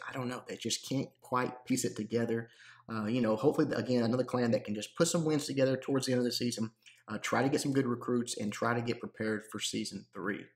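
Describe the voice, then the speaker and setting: Casual male gaming commentator. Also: mid-range voice. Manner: relaxed, filler-heavy, restarts often. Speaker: gaming YouTuber.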